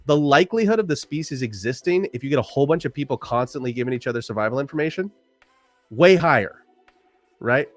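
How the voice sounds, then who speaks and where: A man talking as a podcast guest in a casual conversation, an animated storyteller who swears freely and acts out quotes. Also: medium pitch, fast talker, no room sound, faint music behind.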